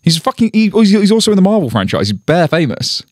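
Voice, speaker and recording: A man co-hosting a podcast, bantering casually, joking and swearing as he rambles quickly. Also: high-pitched, very animated, no room sound, clean studio sound. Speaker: podcast co-host.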